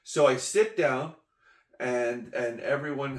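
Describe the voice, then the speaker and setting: A podcast host tells a rambling, jokey story in a gravelly, mid-pitched voice and acts out bits along the way. The recording sits in an echoey room. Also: male voice, slow pace. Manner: playful, jokey, acts out quotes and sound effects. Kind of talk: casual storytelling monologue.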